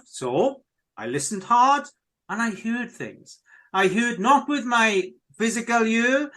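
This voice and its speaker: A man's voice: high-pitched, a bit bright. A middle-aged man hosting a podcast, talking casually and enthusiastically to his listeners, rambling and repeating himself. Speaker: podcast host.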